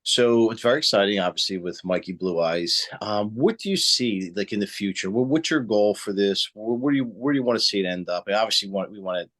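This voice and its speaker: A man's voice: lowish voice, fast talker, hardly any pauses, fairly bright tone. A man in his forties hosting an interview, enthusiastic and encouraging toward his guest. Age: 40s. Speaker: podcast host. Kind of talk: casual interview chat.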